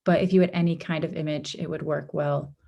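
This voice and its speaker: A woman's voice: low-pitched, fairly even intonation, brisk, creaky, dull audio. A woman leading a live online design workshop, walking through steps casually while losing her voice. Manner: casual, step-by-step, with frequent ums and oopses. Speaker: workshop instructor. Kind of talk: live screen-share design tutorial.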